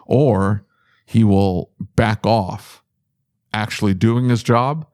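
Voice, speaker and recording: Low-voiced guy hosting a podcast, teasing and blunt, dry close mic. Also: slow pace, darkish tone, dry recording. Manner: teasing, blunt advice-giving. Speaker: podcast host. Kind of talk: casual podcast chat.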